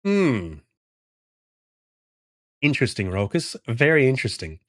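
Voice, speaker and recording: A man's voice: medium pitch, big pitch swings, a little slow, dry recording, studio quality. A man chatting casually on a live stream from home into a desk mic, rambling, swearing and answering chat messages. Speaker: game streamer and indie developer.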